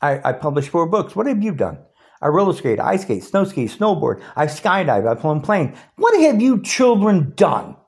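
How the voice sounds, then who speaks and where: A man's voice: a little high, very animated, normal speed, darkish tone. A man in his sixties delivering an angry, taunting political rant straight to the camera. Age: 60s. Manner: ranting, taunting, challenging. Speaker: video blogger.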